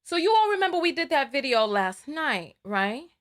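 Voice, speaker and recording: A woman's voice: sits high, big pitch swings, normal speed. A woman hosting a live commentary stream, heated and indignant, repeating her words. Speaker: livestream host.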